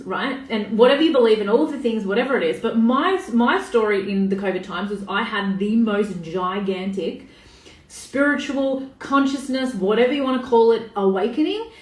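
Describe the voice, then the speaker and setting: A woman's voice: mid-range voice, a little mellow. Chatty woman, echoey room. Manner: chatty, swears, greets viewers by name. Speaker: coach. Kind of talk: casual live-stream talk. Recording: echoey room, voice a bit far off.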